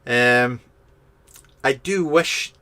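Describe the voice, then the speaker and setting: A man's voice: mid-range voice, very slow, bright, forceful tone. A Scottish man in a garden shed, talking casually into a webcam as he reads out viewer comments and jokes around, full of ums and restarts. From Scotland. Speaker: vaping product reviewer reading viewer comments. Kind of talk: casual live chat vlog.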